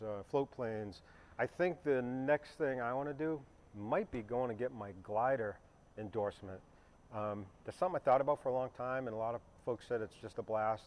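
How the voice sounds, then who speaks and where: A man's voice: medium pitch, a little mellow. Chatty man hosting a pilot live stream. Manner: conversational, rambling with fillers and asides. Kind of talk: casual live stream chat. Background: helicopter starting up nearby.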